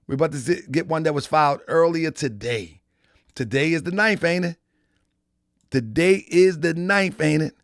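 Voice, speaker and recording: High-voiced man hosting a casual live stream. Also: brisk, a bit bright, no echo, studio quality. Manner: repetitive, talks straight to the chat. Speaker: live-stream show host.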